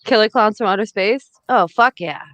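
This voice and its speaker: A woman's voice: mid-range voice, moderate pace, fairly bright tone, no echo, highs cut off. A woman co-hosting a casual late-night chat, laughing hard and teasing the others. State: laughing to tears. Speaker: podcast co-host.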